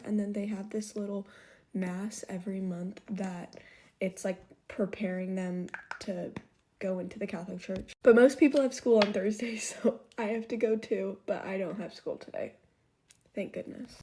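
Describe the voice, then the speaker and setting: A woman's voice: medium pitch, noisy background. Chatty young woman doing her makeup. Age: young adult. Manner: chatty, bubbly, filler-heavy with many "like"s. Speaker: beauty vlogger. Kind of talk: casual get-ready-with-me chat.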